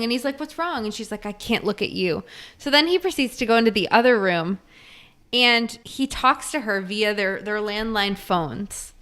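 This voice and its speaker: A woman's voice: on the high side, sharp tone. A woman co-hosting a podcast, chatting casually about a film with lots of filler words. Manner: chatty, lots of "like", quick laughs. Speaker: podcast co-host.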